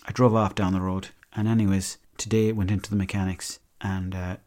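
A man's voice: low-pitched, level tone, brisk, darkish tone. A man with an Irish accent, hosting a podcast as a rambling comic monologue, full of swearing and asides. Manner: rambling, profane storytelling. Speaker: podcast host.

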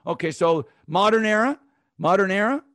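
A man's voice: high-pitched, expressive, moderate pace, a bit bright. A man co-hosting a podcast, answering with laughing, self-deprecating banter. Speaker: podcast co-host, former player. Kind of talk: casual chat.

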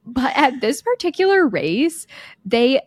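Young woman, podcast co-host, fairly high voice, animated storyteller who laughs a lot, dry close mic. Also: measured pace, dry recording. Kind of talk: casual storytelling chat.

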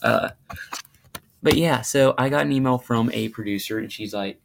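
Rambling man with a gravelly voice. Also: mid-range voice, moderate pace. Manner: rambling and self-deprecating, with many fillers and restarts. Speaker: podcast host. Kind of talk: casual storytelling monologue.

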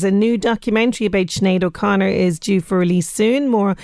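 A woman's voice: medium pitch, fairly even intonation, a little fast, few pauses, a little mellow, soft background music. An Irish woman presenting local radio, chatty and enthusiastic as she links items and interviews a guest. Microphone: studio microphone.

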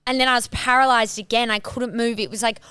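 A woman's voice: on the high side, steady tone, quick pace, sharp tone, clear, resonant tone, no echo. A young woman co-hosting a podcast, chatting casually and acting out quotes. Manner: chatty, laughing reactions, acts out quotes. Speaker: podcast co-host. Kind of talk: casual chat.

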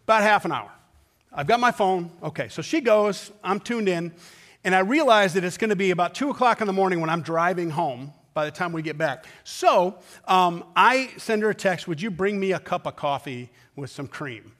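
Middle-aged male pastor, high-pitched voice, anecdotal, emphatic sermon delivery. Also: animated, moderate pace, a bit bright. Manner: anecdotal and emphatic, with rhythmic repetition. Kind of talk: conversational sermon storytelling.

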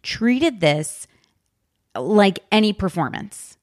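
A woman hosting a podcast in casual, chatty conversation, animated and full of fillers. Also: mid-range voice, takes it slowly, no room sound, clean studio sound. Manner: chatty, animated, heavy use of "like". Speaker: podcast host.

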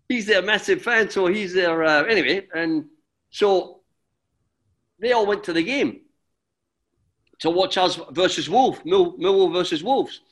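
A middle-aged man, a former footballer, telling relaxed stories as an interview guest, rambling with restarts and friendly "mate"s. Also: high-pitched, slow, pauses often. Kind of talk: relaxed anecdotal storytelling.

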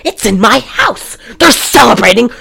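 A woman voicing a frantic man who shouts about idolatry and sounds insane. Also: on the high side, sing-song, moderate pace, creaky, voice pushed up, heavily acted.

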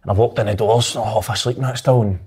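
A man's voice: fairly low pitch, steady tone, fast talker, darkish tone, slightly rough. A man telling a cheeky prank story in casual chat, with plenty of swearing.

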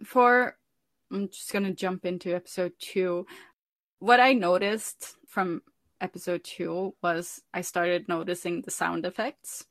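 Slow-talking woman podcast host. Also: on the low side, steady tone, a bit bright, dry recording. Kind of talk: casual chat.

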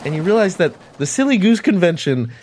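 A man running a tabletop game as game master, describing the scene in a halting, chatty way full of restarts. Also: sits high, very animated, noisy background.

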